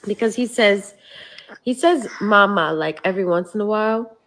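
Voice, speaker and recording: A woman's voice: mid-range voice, normal speed, a bit bright. Chatty young mother telling a story. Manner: storytelling with many fillers. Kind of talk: casual chat clip.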